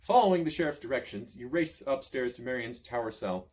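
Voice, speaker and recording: A man reading a choose-your-own-adventure book aloud, with lively storytelling and casual asides. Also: medium pitch, a little fast. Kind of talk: expressive read-aloud narration.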